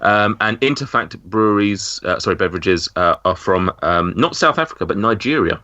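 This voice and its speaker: Give me a low-voiced northern English man hosting a quiz, lively in pitch and a little muffled. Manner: halting, with many ums and restarts. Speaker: podcast host running a quiz. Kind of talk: casual chat. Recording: dull lo-fi sound.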